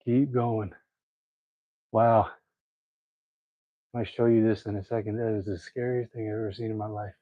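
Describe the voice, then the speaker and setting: A fitness vlogger works out at home while chatting casually to viewers, joking, laughing often and counting his reps out loud. His lowish voice is flat, at a moderate pace with frequent pauses, and the recording is dry and lo-fi.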